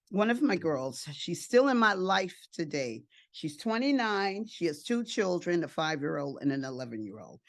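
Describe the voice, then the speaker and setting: Animated older woman telling her story. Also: lowish voice, no room sound. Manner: emotional, animated retelling with repeated phrases and acted-out quotes. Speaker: adoptive and foster parent sharing her story. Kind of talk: personal storytelling at a family support event.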